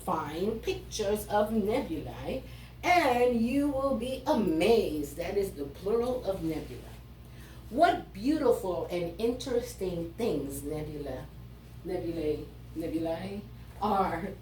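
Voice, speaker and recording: A woman teaching a third grade class, reading riddles aloud with animated emphasis. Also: medium pitch, slow, far from the mic, slight background noise. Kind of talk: classroom lesson. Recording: roomy sound from away from the mic, faint ambience.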